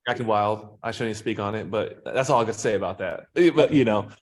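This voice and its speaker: In a casual podcast interview, a male guest who works as a sales trainer spins lively stories laced with profanity. He has a lowish voice and a quick pace.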